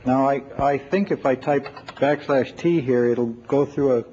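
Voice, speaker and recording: Male lecturer, mellow tone, informal and thinking aloud, lo-fi archival lecture tape with faint hiss. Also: medium pitch, measured pace. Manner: informal, thinks aloud, takes audience questions. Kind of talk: live technical lecture with on-screen demo. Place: lecture room with audience. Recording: dull lo-fi 1980s lecture tape.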